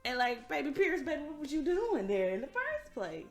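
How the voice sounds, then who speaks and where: Animated, laughing young woman podcast host. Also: high voice, normal speed, soft background music. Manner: animated storytelling, frequent laughter, slangy. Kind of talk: casual podcast chat.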